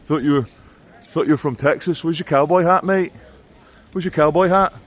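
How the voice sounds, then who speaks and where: A man's voice: on the high side, moderate pace, voice pushed up, close to an everyday voice. A man voicing a disappointed local man who jeeringly asks about cowboy hats. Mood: mocking.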